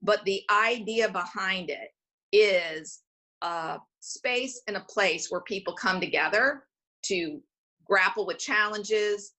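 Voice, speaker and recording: Woman, nonprofit executive, interview guest. Bright, clear tone. Explains at length with an easy, conversational flow. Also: medium pitch, slow. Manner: explanatory, often checks in with "right?". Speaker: foundation president and CEO, podcast guest.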